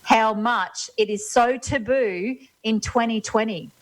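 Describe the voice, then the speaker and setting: A woman's voice: on the high side, takes it slowly, low-quality recording. A woman co-hosting a casual talk show, earnest and emphatic, often restarting her sentences. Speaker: co-host. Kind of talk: casual chat.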